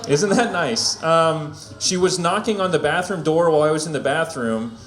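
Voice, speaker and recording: A man doing a stand-up set at an open mic, deadpan and awkward, full of ums and nervous laughs. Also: fairly high pitch, normal speed, a little hiss or hum. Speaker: stand-up comic. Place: small venue open mic. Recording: echoey room.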